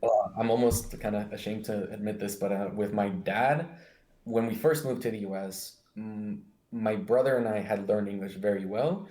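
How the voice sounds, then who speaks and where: A man's voice: fairly low pitch, normal speed, warm tone, reverberant, rough recording. A young man from Mexico with an American accent, chatting casually as host, rambling with many fillers and restarts. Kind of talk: casual chat.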